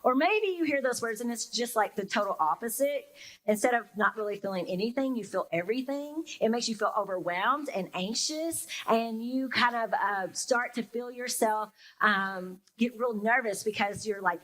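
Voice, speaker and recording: A woman's voice: a little high, normal speed, fairly bright tone, low-quality recording. A young woman pastor giving a casual, reflective sermon, with lots of fillers and talking to her listeners as if in conversation. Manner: casual and reflective, many fillers, acts out listeners' inner reactions.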